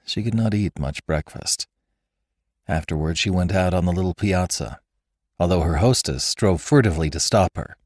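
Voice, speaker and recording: A man narrating a classic story in a measured, expressive way on a close studio mic. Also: sits low, no room sound. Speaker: podcast narrator. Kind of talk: audiobook narration.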